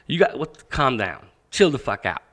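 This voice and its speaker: A young boxing coach from Pakistan tells his life story in a podcast interview, his mid-range male voice moving at a moderate pace. He swears freely and animatedly acts out the exchanges he quotes.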